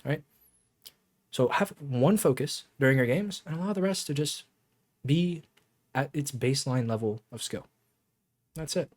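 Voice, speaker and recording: Male coach, mid-pitched, easygoing, talks players through their mistakes with a chuckle and a loose tongue. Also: normal speed, darkish tone. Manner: laid-back, chuckles often, swears casually. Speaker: game coach. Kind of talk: casual coaching talk over gameplay footage.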